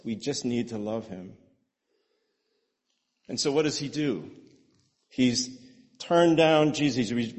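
A man preaching a sermon in an animated way, with rhetorical questions and repeated words. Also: medium pitch. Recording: long hall reverb.

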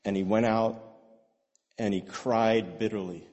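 A man preaching a sermon in an animated way, with rhetorical questions and repeated words. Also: lowish voice, measured pace. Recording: long hall reverb.

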